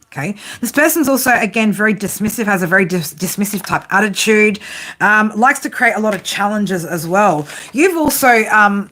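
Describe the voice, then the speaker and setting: A woman's voice: mid-range voice, fairly bright tone, slight background noise. A woman giving a casual tarot reading, blunt and profane, often breaking into laughter. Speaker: tarot reader.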